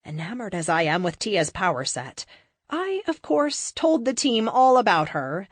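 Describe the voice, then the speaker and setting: A woman reads a first-person audiobook with expressive storytelling and a lively, moving pitch. The sound is close and dry, recorded in a booth. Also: measured pace, no room sound. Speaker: audiobook narrator.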